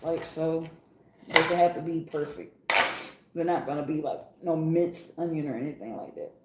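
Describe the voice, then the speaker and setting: Eyes teary from onion fumes, a cooking vlogger laughs, chats, and exclaims as she chops, casually demonstrating her home cooking. Her low-pitched voice runs at normal speed. The recording is very noisy, echoing in the kitchen amid the loud clatter of dishes, pots, and pans.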